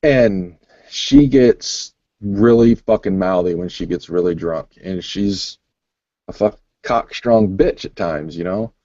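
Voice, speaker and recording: A man's voice: low voice, sing-song, slow pace, creaky, mellow, no echo. A man rambling through a long, crude story in casual chat, swearing constantly. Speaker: podcast co-host. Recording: muffled lo-fi recording.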